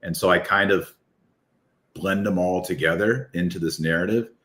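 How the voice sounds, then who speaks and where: A man with a deep voice, talking as an author guest in an enthusiastic, rambling podcast chat. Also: normal speed, a bit bright. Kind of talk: casual podcast conversation.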